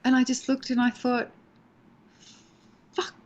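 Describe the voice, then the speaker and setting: Middle-aged aussie lady chatting away on a video call, lively storyteller, kinda muffled lo-fi sound. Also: medium pitch, measured pace. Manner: chatty, animated storyteller, laughs easily. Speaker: guest actress. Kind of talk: casual interview chat. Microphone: home video call. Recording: dull lo-fi call audio.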